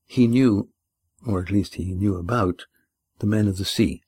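A man's voice: on the low side, a little slow, mellow, slightly rough. A man voicing a defiant, impatient young man in an audiobook, speaking earnestly and insistently.

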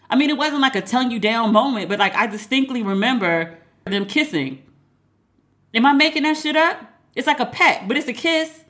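A woman's voice: sits high, fairly bright tone. Chatty, emphatic woman podcaster. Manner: chatty and emphatic, acts out both sides of a conversation. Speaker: podcast host. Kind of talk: casual solo podcast monologue.

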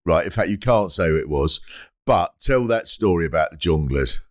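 Lively man hosting a comedy podcast. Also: deep voice, moderate pace, dry recording, studio quality. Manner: jokey, animated interjections. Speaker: podcast host. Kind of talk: casual chat.

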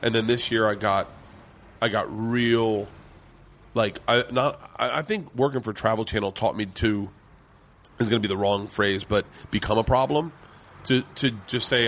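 A man's voice: on the low side, normal speed, a bit bright. A man, a comedian guest, telling stories in a laid-back, rambling and profane way in a cigar lounge. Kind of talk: casual storytelling chat. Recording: noisy lounge background.

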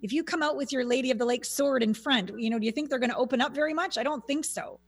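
An animated woman guest with a fairly high, bright-sitting voice. She talks in an easy, coaching way and slips into acted snippets of conversation. The sound is dry and close. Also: fast, no room sound, soft background music. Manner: animated, acts out quoted dialogue; coaching, soothing tone. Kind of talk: casual interview chat.

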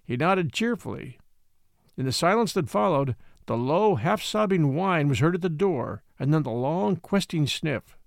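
A man reading a classic novel aloud in measured storytelling style. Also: on the high side, expressive, creaky, no echo, clean studio sound. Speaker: audiobook reader.

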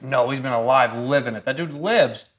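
A man guesting on a cooking show, teasing the others loudly with lots of swearing. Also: medium pitch, normal speed. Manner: loud, profane teasing. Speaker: comedian guest. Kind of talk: casual chat.

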